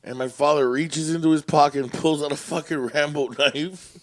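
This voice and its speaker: Animated, profane male podcast storyteller. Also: fairly high pitch, moderate pace. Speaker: podcast host. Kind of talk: casual storytelling.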